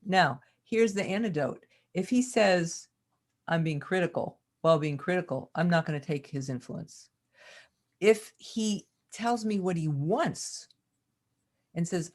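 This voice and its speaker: A woman's voice: on the low side, unhurried. A woman teaching about love and relationships on a community call, talking expressively, acting out quoted lines and laughing often.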